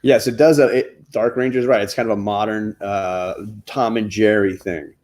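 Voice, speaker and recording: Enthusiastic dad hosting a chatty comics show. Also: male voice, lowish voice, fairly even intonation, normal speed, a little mellow. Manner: enthusiastic, chatty, often restarts words. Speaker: comic book show host. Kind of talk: casual chat reviewing comics with his kids.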